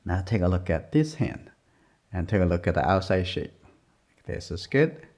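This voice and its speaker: A man teaching a drawing lesson as he works, talking softly in short, simple, broken phrases. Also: sits low, sing-song, normal speed. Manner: soft-spoken, murmuring, simple broken phrasing. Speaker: art teacher. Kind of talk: drawing lesson narration while working. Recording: dull lo-fi sound.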